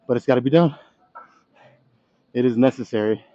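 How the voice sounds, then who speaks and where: A man's voice: mid-range voice, fairly quick, pauses often, mellow, no echo, muffled recording. A man talking casually to camera in a gym between heavy sets, out of breath, candid and swearing now and then. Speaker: fitness vlogger. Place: gym by the dumbbell rack.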